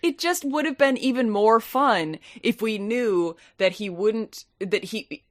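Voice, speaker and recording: Woman, podcast co-host, casual rambling film chat, very animated pitch, dry close sound. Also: slow pace, dry recording. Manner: rambling, laughing, swearing. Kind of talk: casual movie-review chat.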